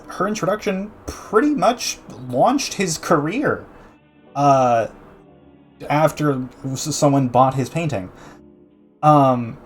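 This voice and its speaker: A man streaming a casual art gallery talk, chatty, with many restarts, answering his chat. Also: mid-range voice. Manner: chatty, frequent restarts and fillers, laughs easily, reads chat aloud.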